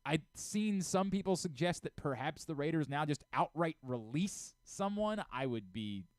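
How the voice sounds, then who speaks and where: A middle-aged man hosting a sports radio show, ranting about football with rapid swings between low muttering and shouted outbursts. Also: lively intonation, no room sound. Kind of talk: opinionated sports talk. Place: radio studio.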